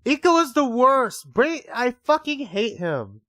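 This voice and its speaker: A man's voice: very high-pitched, sing-song, a little slow, pushed and bright, no echo. A young man streaming a story game, reading the text aloud and reacting with emotional, profane outbursts. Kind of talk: game livestream with reactions and read-aloud narration.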